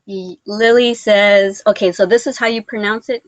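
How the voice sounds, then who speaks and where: A woman's voice: medium pitch, steady tone, normal speed, no room sound. A woman hosting a casual live-stream chat, reading viewer comments aloud, chatty and rambling, laughing often. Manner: rambling with many restarts and fillers.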